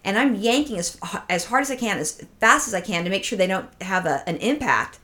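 A woman co-hosting a podcast, telling a story in a casual, profane, excitable way and acting out her own reactions. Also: medium pitch, brisk. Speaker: podcast co-host.

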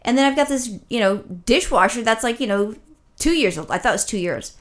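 Profane, exasperated woman ranting. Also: on the high side. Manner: animated, rapid rambling with restarts. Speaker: podcast co-host. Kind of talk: casual chat.

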